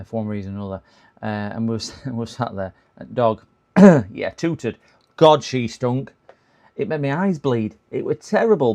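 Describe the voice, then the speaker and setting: A man hosting a computer repair livestream, chatting casually and rambling, his voice going hoarse with frequent throat clearing. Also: medium pitch, a little mellow. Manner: chatty, rambling, laughs at his own jokes. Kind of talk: casual live-stream chat.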